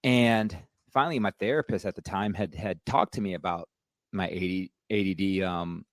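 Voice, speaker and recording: A man's voice: sits low, normal speed, no echo. A middle-aged man speaking candidly and reflectively as a podcast guest, with lots of fillers. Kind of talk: casual interview chat.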